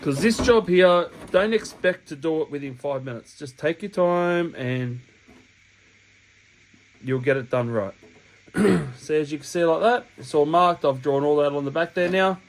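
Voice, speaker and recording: A man's voice: on the high side, measured pace, slight background noise, low-quality recording. An Australian man with a sniffly cold, explaining a hobby task step by step in a chatty, rambling way that keeps correcting itself. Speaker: hobby channel host. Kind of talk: casual step-by-step tutorial. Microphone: camera mic while working.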